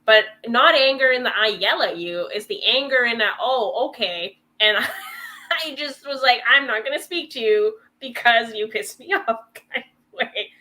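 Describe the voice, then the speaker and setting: A woman's voice: a little high, moderate pace. A woman guest in casual chat, telling stories about her relationship and acting out what she and her partner said, often laughing. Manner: animated, acts out her own past quotes with laughs.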